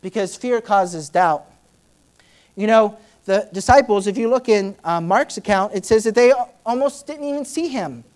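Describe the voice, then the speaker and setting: A woman delivers a sermon in a chatty, storytelling way. She leans on fillers and drops her voice low for earnest points, then acts out Bible scenes with sudden high, loud outbursts. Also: expressive, normal speed. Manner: dramatic, acting out Bible scenes in shifting voices; conversational, many "you know" fillers. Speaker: preacher.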